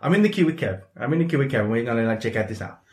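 A man's voice: mid-range voice, rapid-fire. A man, a podcast host telling a story in casual chat and acting out the voices of the people in it. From England. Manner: animated, acts out quoted voices, laughs often. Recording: roomy echoey room.

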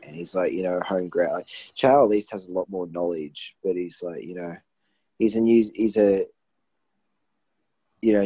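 Give me a laid-back Australian man with a low, husky voice, chatting on a podcast call. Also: dark tone, no room sound, poor audio. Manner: laid-back, lots of "you know". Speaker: podcast co-host. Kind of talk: casual chat. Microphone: remote call, patchy line.

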